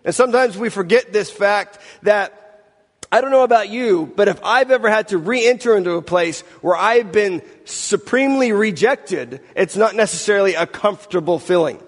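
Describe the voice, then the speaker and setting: High-voiced preacher in a reverberant hall. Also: male voice, lively intonation, normal speed. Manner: conversational, self-deprecating asides. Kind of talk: scripture reading and sermon.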